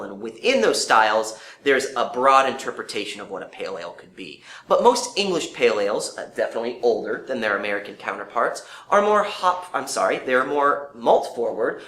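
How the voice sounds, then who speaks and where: A young man co-hosting a casual educational chat, upbeat and correcting himself as he goes. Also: mid-range voice. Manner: animated, self-correcting, upbeat. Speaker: co-host. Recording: echoey room with faint noise.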